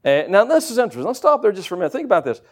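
A man preaching a sermon to a church congregation, animated and conversational, with folksy everyday asides. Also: high voice, rapid-fire.

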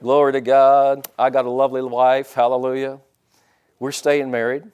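A man's voice: medium pitch, little pitch movement, moderate pace, a little mellow, clear, resonant tone. A middle-aged man preaching a sermon in a church, folksy and joking, with frequent amens and hallelujahs. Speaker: pastor.

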